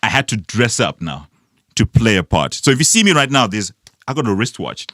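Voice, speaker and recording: A middle-aged man from Zimbabwe, co-hosting a podcast in casual chat, animated and laughing. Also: fairly low pitch, a little fast, dry recording, clean studio sound. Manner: animated, laughs and acts out phone calls. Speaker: podcast co-host.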